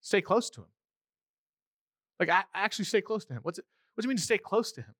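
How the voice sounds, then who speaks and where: A male pastor preaching a conversational sermon, animated and acting out little voices as he goes. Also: high-pitched, fast, no echo, studio quality.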